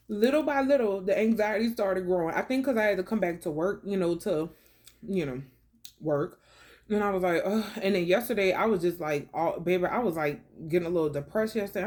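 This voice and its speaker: A woman's voice: mid-range voice, fairly quick, warm tone. Woman vlogging, just chatting away, slangy, keeps saying baby and y'all, eating while she talks. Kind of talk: casual chat to camera.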